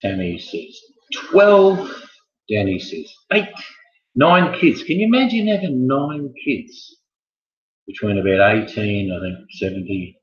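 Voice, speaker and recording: A man's voice: on the low side, sing-song, unhurried. A man hosting a casual quiz, joking and wandering off into chatty asides. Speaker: quiz host. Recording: echoey, muffled room sound.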